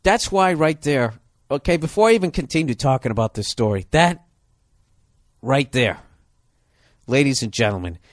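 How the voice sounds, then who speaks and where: A man telling a comic story as a profane rant, animated and full of sound effects. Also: mid-range voice, normal speed, long pauses, dry recording, clean studio sound.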